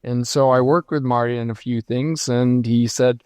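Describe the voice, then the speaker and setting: A man's voice: mid-range voice, fairly even intonation, normal speed, few pauses, darkish tone, clear, resonant tone, no echo. Older man telling stories, dry sound. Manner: reflective storytelling, many fillers. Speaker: guest, lighting designer. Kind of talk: casual interview conversation.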